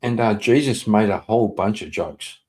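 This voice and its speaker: A man's voice: lowish voice, moderate pace. Rambling, laughing male livestreamer. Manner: rambling, laughing and swearing, with sudden loud excited outbursts. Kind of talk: casual livestream chat reading viewer messages.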